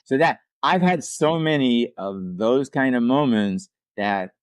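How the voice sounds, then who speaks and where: A man's voice: medium pitch, animated, a little slow, clear, resonant tone, dry recording. An older man, a podcast guest and actor-writer, telling a rambling anecdote casually, with asides and restarts. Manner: acts out quoted people in livelier voices.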